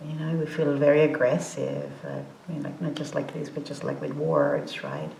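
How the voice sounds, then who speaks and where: A woman in her forties giving an informal meditation talk, halting with many fillers and restarts, often breaking into laughter. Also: sits low, lively intonation, creaky, dark tone, slight background noise. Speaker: meditation teacher. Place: meditation hall. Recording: roomy hall sound.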